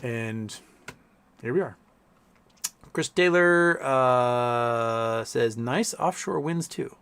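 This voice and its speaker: A man's voice: mid-range voice, very slow, fairly bright tone, clean tone. A man hosting a casual livestream from home, rambling about markets and reading viewer comments aloud with some swearing. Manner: baby-talk coaxing to his pets. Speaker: livestream host.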